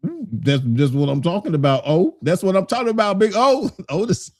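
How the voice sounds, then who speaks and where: A man's voice: on the high side, big pitch swings, brisk, hardly any pauses, darkish tone. A man hosting a casual talk show, reading listener comments and answering in a loose, conversational way. He laughs often and keeps saying "you know what I'm saying".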